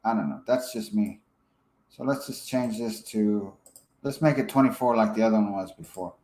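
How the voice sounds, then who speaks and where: A man giving a casual screen-share software tutorial, thinking aloud as he edits and checking in with "okay?". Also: fairly low pitch, normal speed, echoey room, a little hiss or hum, rough recording. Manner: casual, thinks aloud while editing, frequent fillers and "okay?" check-ins. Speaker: software trainer.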